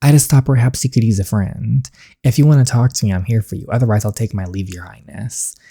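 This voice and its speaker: A woman voicing a gentle, loyal young male royal guard in a story game, reading the lines plainly. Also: very deep voice, fast talker, breathy edge, no room sound, heavily acted. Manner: reads the lines plainly while playing.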